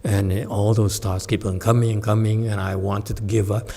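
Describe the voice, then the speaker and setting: A man, a Buddhist master, giving a Dharma lecture as an animated, joking storyteller who acts out the people in his story. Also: on the low side, moderate pace. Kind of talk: sermon.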